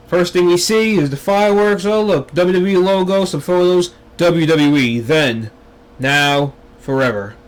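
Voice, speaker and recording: A young man hosting his own talk show, ranting with exasperation and sarcasm. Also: fairly high pitch. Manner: exasperated, sarcastic, mocking impressions. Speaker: vlog host. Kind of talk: ranting commentary.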